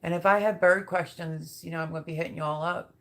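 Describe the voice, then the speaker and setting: A woman's voice: fairly low pitch, steady tone, quick pace. A woman chatting loosely on her live stream and talking straight to the people watching. She rambles from one thing to the next in an easy, conversational way while she reads out viewer comments. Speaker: livestream host reading chat. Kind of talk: casual live-stream chat.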